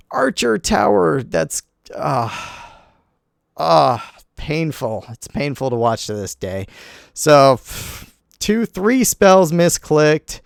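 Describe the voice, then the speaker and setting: A man commenting on a replay of his own game, animated and self-critical, talking to himself as he goes. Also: sits high, vocal fry, dry recording, clean studio sound. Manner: self-critical, talks to himself while narrating; animated, quick swings between groans and cheers. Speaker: gaming channel host.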